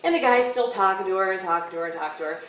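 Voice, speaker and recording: A young woman telling a story on stage at a café, casual and lively, acting out quoted lines with hushed asides. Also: mid-range voice, very fast, slight background noise. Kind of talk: live storytelling. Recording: echoey live room from far off.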